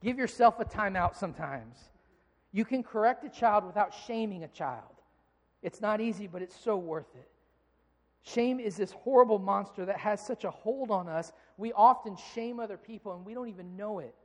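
This sermon comes from a thirtysomething pastor whose voice sits high and whose pace is normal. Earnest and direct with the congregation, he performs his stories with mounting heat that turns into animated anger. A large hall gives the sound a long reverb.

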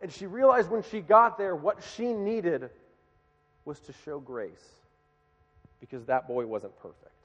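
A man's voice: high-pitched, expressive, a little slow, muffled recording. Man preaching in a reverberant hall. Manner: dramatic, swings from loud pleading to hushed. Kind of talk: sermon storytelling.

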